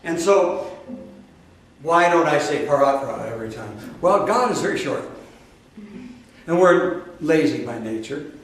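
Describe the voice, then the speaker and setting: A man's voice: on the high side, lively intonation, a little slow, pauses often. A man giving a sermon as a spiritual teacher, emphatic and repetitive, talking directly to his listeners. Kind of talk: sermon to a live audience. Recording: very echoey room from a distance.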